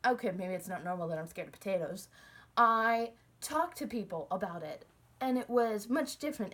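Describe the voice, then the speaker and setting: A young woman talking candidly in a casual personal monologue, chatty and open, laughing at herself now and then. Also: a little high. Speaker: student sharing recovery story.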